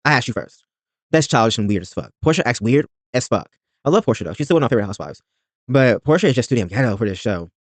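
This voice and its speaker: A man's voice: mid-range voice, animated, rapid-fire, no room sound. A man hosting a reaction video, recapping a reality show in a rambling, blunt and profane way.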